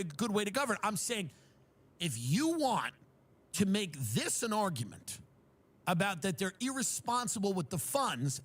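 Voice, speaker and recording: A man's voice: sits high, fairly bright tone. A man delivering an exasperated, sarcastic comedic rant, acting out others' voices in mocking asides.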